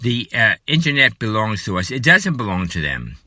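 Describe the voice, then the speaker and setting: A man delivering an angry political rant, shouting and repeating himself, then quieting down to apologize for his anger. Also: sing-song, normal speed, no room sound. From United States. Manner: furious, shouting, repetitive, later apologetic and lower. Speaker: political commentator.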